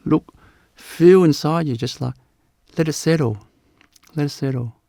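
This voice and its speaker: Slow, gravelly spiritual teacher, man. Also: on the high side, dark tone, dry recording, studio quality. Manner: unhurried, repeats phrases, many "you know"s. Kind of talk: live spiritual talk.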